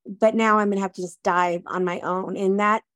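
A woman's voice: mid-range voice, steady tone, moderate pace, a bit bright, dry recording. Emotional, effusive woman chatting, dry close mic. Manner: effusive, emotional, tearful gratitude. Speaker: podcast participant. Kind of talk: casual chat.

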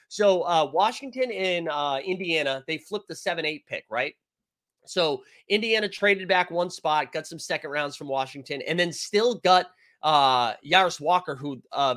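A man with a fairly high, slightly bright voice hosts a casual live-stream sports show. He rambles and jokes while reading viewers' live chat comments aloud.

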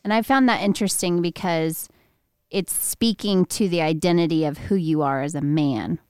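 A woman's voice: fairly low pitch, normal speed, a little mellow, smooth, no echo, clean studio sound. A woman guest speaking candidly and earnestly in a casual faith-based chat.

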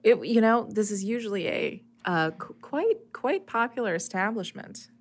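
A woman playing a deadpan weary bartender. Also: a little high, moderate pace. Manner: deadpan, hesitant, stumbling over words. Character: weary, dry-humored tavern bartender.

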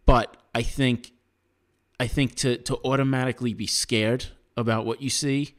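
A man's voice: mid-range voice, fairly even intonation, moderate pace. An American man co-hosting a podcast, giving earnest opinions in casual chat with frequent restarts. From United States. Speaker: podcast co-host.

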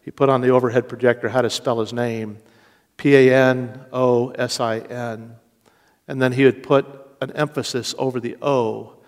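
A man preaching a sermon with slow, deliberate delivery and rising emphasis. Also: mid-range voice, level tone. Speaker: pastor. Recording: long reverb of a large hall.

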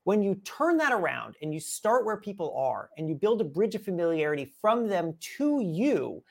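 A man's voice: sits high, big pitch swings, normal speed, gravelly. A man, a guest author, telling a story in a casual chat with lots of energy, repeating and restarting words.

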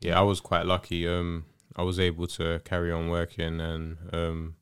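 A man hosting a podcast, relaxed and casual, asking questions and listening. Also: low voice, moderate pace, clean tone, no room sound, studio quality. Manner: laid-back, listens with frequent "mm". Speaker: podcast host. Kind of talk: casual interview chat.

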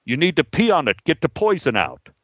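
A man's voice: on the high side, wildly swooping pitch, brisk, a bit bright, no echo, clean studio sound. A man doing a blunt hotel pool worker. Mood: matter-of-fact.

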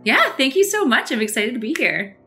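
A woman's voice: sits high, very animated, brisk, bright, forceful tone, faint music behind. A woman from Canada, a guest artist telling stories in an interview. She is chatty, laughs often and uses many fillers. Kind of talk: casual interview storytelling.

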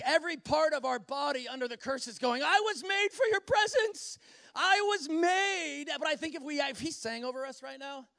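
A man preaching a sermon in an animated way, often acting out voices and laughing. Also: very high-pitched, creaky, no echo, clean studio sound.

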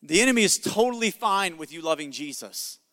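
A man's voice: on the high side, expressive, a little fast, sharp tone, long reverb tail. A male pastor preaching a sermon in an emphatic, conversational way with jokes.

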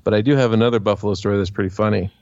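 A man's voice: fairly low pitch, very fast, no room sound. Crude joking man telling stories. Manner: crude, joking, animated storyteller. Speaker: podcast co-host. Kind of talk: casual chat, storytelling. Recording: dry, dull lo-fi sound.

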